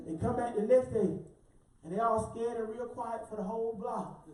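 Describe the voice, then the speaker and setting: A man's voice: extremely high pitch, fairly even intonation, fairly quick, crowd noise. A man, preaching a sermon in a rhythmic, sing-song, call-and-response style. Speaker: pastor. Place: church sanctuary. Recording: echoey church from far off with congregation.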